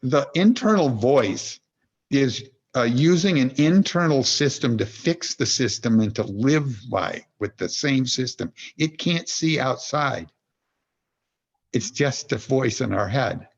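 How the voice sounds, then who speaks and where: Guy on a podcast telling stories, raspy kinda gravelly voice, restarts a lot, muffled audio. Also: mid-range voice, expressive. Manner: storytelling, acts out little voices, halting restarts. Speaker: podcast guest, author. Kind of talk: conversational explanation.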